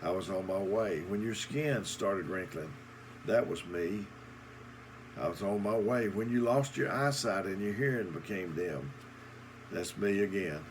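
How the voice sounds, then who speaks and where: A man voicing Death as a calm, unhurried male visitor, during a sermon story. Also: deep voice, a little hiss or hum. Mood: laid-back. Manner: casual, unhurried, matter-of-fact.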